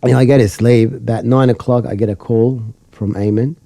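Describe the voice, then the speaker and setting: A man on a podcast spinning a long funny anecdote, laughing as he goes. His voice is dark and mellow and the sound is dry and close. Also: mid-range voice, fairly quick, creaky, dry recording. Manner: animated anecdote telling, laughing often; acts out other people's lines in the story. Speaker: podcast guest. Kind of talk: casual storytelling chat.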